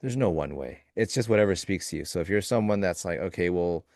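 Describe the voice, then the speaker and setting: A man co-hosting a live trading stream, talking in a loose, joking way and thinking out loud in fragments. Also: low-pitched, animated, quick pace, gravelly, dry recording, studio quality. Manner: loose, joking, talks through ideas in fragments. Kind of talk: casual live-stream chat.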